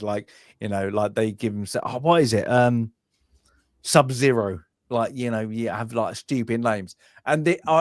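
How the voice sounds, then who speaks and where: A man's voice: mid-range voice, no echo. Male podcast co-host, casual and rambling, mid-range voice, dry remote-call sound. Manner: rambling, filler-heavy, laughing asides. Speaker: film review podcast host. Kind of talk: casual chat. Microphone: remote live-stream call.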